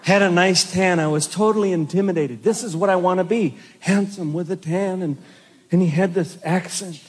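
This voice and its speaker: A man performing a stand-up comedy routine, telling stories in an animated way with bursts of shouting. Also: sits high, normal speed, slightly rough. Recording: noisy recording.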